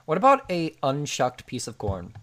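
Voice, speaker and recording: A podcast co-host with a voice on the high side swings hugely in pitch as he chats casually at a moderate pace. His tone is fairly bright, he laughs often, and he uses lots of fillers while reading listener answers aloud.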